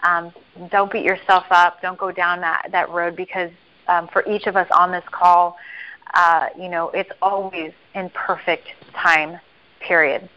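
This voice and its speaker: A woman's voice: fairly low pitch, level tone, unhurried, highs cut off. A woman hosting a group video call, speaking earnestly about faith with many fillers.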